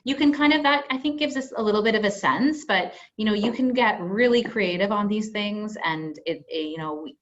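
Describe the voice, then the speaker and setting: A woman workplace trainer leads a webinar, speaking conversationally with many fillers and acting out example dialogue. Her medium-pitched voice is a little fast, with hardly any pauses, and the video-call audio has its highs cut off.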